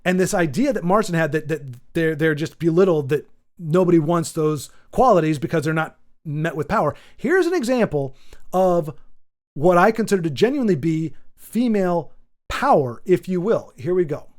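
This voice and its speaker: Man, high-pitched voice, rambling off-the-cuff commentary, lots of restarts and fillers, channel host. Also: expressive, moderate pace.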